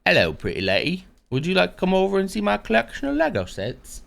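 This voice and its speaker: A man's voice: high voice, huge pitch swings, fast talker, gravelly, a bit bright, pitched above the performer's own voice, full character voice. A man voicing a cheesy, flirtatious man with a vague made-up foreign accent. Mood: flirty. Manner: corny pickup-line delivery.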